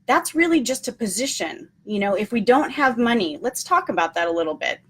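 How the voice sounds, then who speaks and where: A woman's voice: fairly high pitch, very animated, fairly quick, breathy edge. A woman hosting a casual live stream, talking in an earnest, encouraging way with frequent ums and repeated key points. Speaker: motivational host.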